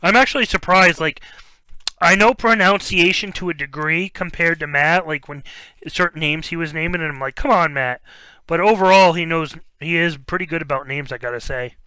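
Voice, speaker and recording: This card-break host is a young man with a highish voice, talking fairly quickly in a clean tone with no echo. He rambles through casual live-stream chatter as he opens packs and reads player names, stumbling over words at times, with bursts of excitement.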